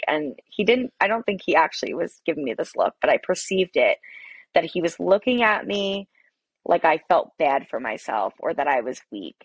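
A young adult woman, a podcast guest who owns a coffee shop, telling a story in a casual interview with emphatic, animated delivery. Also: on the low side, dry recording.

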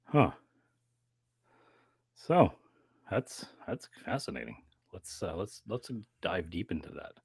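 A man's voice: deep voice, very animated, slow, gravelly, pauses often, slightly rough, no echo, clean studio sound. A man hosting a podcast in casual chat, rambling, laughing often and restarting his sentences. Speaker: podcast host.

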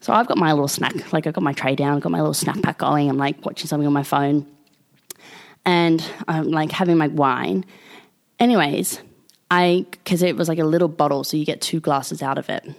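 A young woman, co-hosting a podcast and telling a long story in animated, casual chat, with lots of swearing and laughing. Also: sits low, a little fast, vocal fry. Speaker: podcast co-host.

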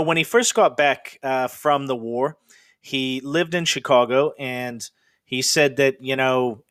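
A man's voice: mid-range voice, fairly bright tone, no echo, clean studio sound. A middle-aged man from the Pacific Northwest, hosting a podcast and telling ghost stories in a chatty, rambling way with frequent fillers. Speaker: podcast host. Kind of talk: casual ghost storytelling.

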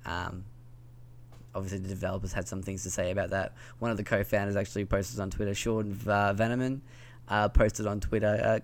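A man's voice: lowish voice, little pitch movement, a little fast. A man with a slight lisp hosting a casual gaming news podcast, talking in a loose, rambling way with plenty of ums and likes. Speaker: podcast host.

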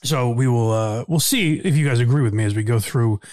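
A man's voice: medium pitch, brisk, darkish tone. A man hosting a podcast in a casual, reflective, conversational way. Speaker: podcast host. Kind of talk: casual chat.

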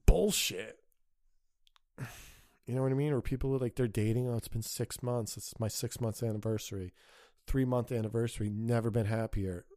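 A man's voice: lowish voice, dark tone, no room sound, clean studio sound. A man hosting a podcast, delivering a crude, sarcastic solo rant with an exasperated tone. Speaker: podcast host.

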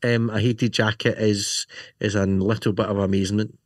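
A man's voice: lowish voice, level tone, normal speed, dry recording, clean studio sound. A man co-hosting a casual chat, rambling and joking, often asking "right?". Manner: jokey, rambling, lots of "you know" and "right?". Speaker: podcast co-host. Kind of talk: casual chat about motorcycle gear.

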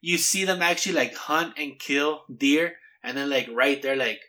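A man's voice: a little high, normal speed, sharp tone. A man co-hosting a casual chat show, rambling with many fillers as he retells what he watched. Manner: rambling, filler-heavy, laughing storyteller. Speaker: podcast co-host.

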